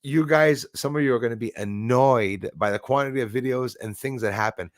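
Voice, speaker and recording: A man's voice: mid-range voice, a little fast, dry recording, clean studio sound. A Canadian man hosting a livestream, chatting casually and rambling with many fillers as he thanks viewers. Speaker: livestream host. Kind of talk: casual livestream chat reading comments.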